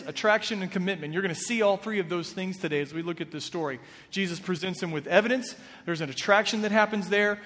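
A man's voice: high voice, fairly bright tone. Man preaching in an echoing hall. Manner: conversational, with fillers and restarts. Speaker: pastor. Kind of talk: sermon. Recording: long hall reverb.

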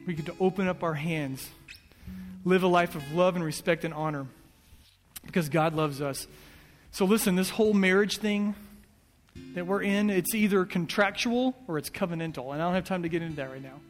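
A man preaching a sermon as pastor, earnest and repetitive, easing into soft prayer. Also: high voice, moderate pace. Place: church hall. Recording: echoey church hall. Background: soft guitar.

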